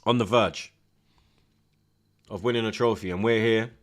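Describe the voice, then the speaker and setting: A man, hosting a live football watchalong, chatting in heavy street slang with the viewers and shouting at big chances. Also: lowish voice, steady tone, normal speed.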